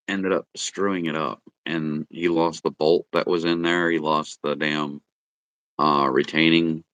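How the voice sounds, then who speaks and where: A man's voice: extremely low pitch, a bit bright, no room sound, lo-fi sound. A man telling a wry work story in casual chat, with a chuckle in his voice.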